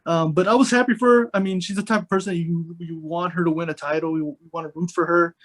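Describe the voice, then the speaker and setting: High-voiced man rambling in a podcast chat. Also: fairly even intonation, quick pace. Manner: rambling, many fillers and restarts. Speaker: podcast co-host. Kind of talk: casual podcast discussion.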